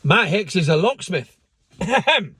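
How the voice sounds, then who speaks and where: A man's voice: sits high, very animated, slow, pushed and bright, husky, dry recording. A man giving a sardonic, mocking rant in casual commentary, with the odd swear word. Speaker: car vlogger.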